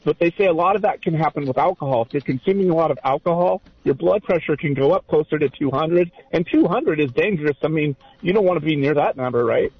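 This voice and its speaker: A man's voice: on the high side, fast, hardly any pauses, breathy edge, no echo, dull audio. A man hosting a radio talk show, casual and asking questions.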